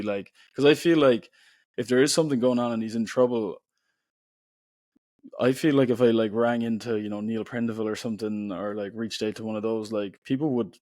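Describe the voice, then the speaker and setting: Young Irish man, podcast guest; relaxed, chatty storyteller, dry close-mic sound. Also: on the low side, a little fast, no echo. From Ireland. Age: young adult. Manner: relaxed, chatty, many "like" fillers. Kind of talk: casual storytelling.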